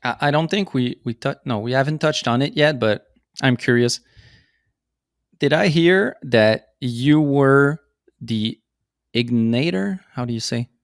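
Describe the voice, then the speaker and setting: A male podcast host chats and asks curious questions in a casual way. His voice sits mid-pitched, recorded close and dry with no room sound. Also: unhurried, no echo. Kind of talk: casual interview chat.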